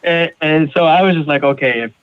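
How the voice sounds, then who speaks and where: A man guest on a recovery podcast, telling his personal story in a halting way, repeating words and acting out what others said. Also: a little high, smooth. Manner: halting, repeats words, acts out quoted voices. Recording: tinny phone-like audio.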